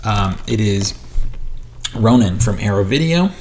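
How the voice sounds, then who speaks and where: A man's voice: lowish voice, animated, unhurried, darkish tone, a little hiss or hum. A man who collects movies, chatting casually and rambling in a haul vlog while he unboxes discs in a small home studio.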